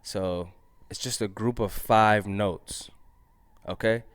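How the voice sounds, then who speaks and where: A man teaching a drum lesson in a relaxed, chatty way, counting rhythms out loud. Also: fairly low pitch, slow, no room sound.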